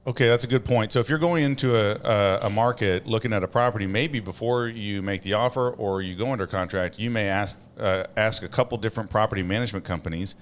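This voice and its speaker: A man's voice: fairly low pitch, quick pace, few pauses, a little hiss or hum. A man co-hosting a casual podcast chat, explaining things steadily with frequent "uh" fillers. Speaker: co-host.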